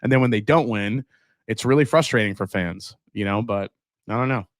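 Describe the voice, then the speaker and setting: Reading viewer comments aloud and laughing along, a man runs a relaxed whiskey livestream in loose, chatty fashion. His voice sits fairly low at a moderate pace, with clean studio sound and no room tone.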